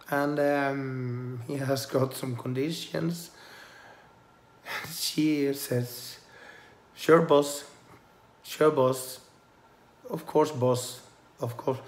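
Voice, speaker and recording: Man, casual vlog, slow halting delivery, emotional, roomy sound. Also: mid-range voice. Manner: slow, halting, with many pauses and fillers; tender and emotional. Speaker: vlogger. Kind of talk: casual personal vlog to camera. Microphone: handheld camera. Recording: echoey room.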